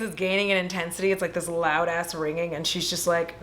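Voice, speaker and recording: A woman's voice: fairly low pitch, a little fast. Chatty woman swearing through a movie recap. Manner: animated, profane storytelling. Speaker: host. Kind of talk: casual movie recap vlog.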